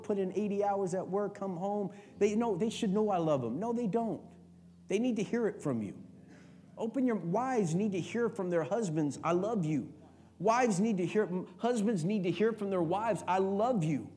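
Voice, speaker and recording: A middle-aged man with a high voice preaches a sermon as a pastor. He swings between quiet talk and shouted, impassioned passages.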